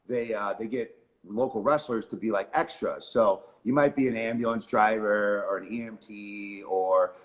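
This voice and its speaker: A man being interviewed, telling a story casually, cursing often and saying "like" a lot, with a Southern Californian accent. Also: mid-range voice. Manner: profane, excitable, lots of "like" and "man". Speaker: guest wrestler.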